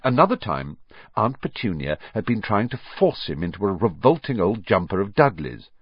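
A man narrating an audiobook with expressive, lively storytelling. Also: fairly low pitch, moderate pace, breathy edge, dry recording, dull audio.

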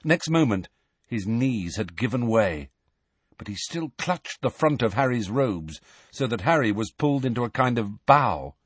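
A man narrates an audiobook in an expressive, lively voice that rises and falls with the story. His voice is slightly husky, and the recording is close and dry. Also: medium pitch, unhurried, no room sound. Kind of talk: scripted narration.

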